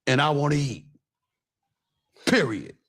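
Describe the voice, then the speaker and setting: A man with a high voice talks on a panel show. His pitch swings widely as he leans hard on his points, repeating words for emphasis. His delivery is casual and forceful. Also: unhurried, husky. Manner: emphatic, animated, repeats himself for effect.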